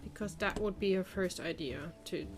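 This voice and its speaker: A woman's voice: lowish voice, moderate pace. A woman playing in a tabletop game, hesitantly describing what her character does. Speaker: player. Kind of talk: tabletop role-play.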